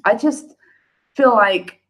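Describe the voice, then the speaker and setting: A woman's voice: a little high, slow, fairly bright tone, poor audio. A woman vlogger chatting on a live stream, rambling and heartfelt with lots of fillers. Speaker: YouTube vlogger. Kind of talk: casual live-stream chat.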